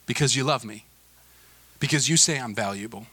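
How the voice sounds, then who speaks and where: Bright-voiced male pastor preaching. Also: medium pitch, animated, a little fast, husky. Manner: earnest, building to emphatic peaks then dropping soft. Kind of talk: sermon.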